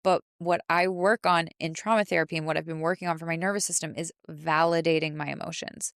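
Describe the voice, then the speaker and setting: A woman's voice: low voice, fairly even intonation, fast talker, fairly bright tone, clear, resonant tone, dry recording, studio quality. A woman hosting a podcast, telling a personal story candidly and emotionally, with frequent restarts. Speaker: podcast host.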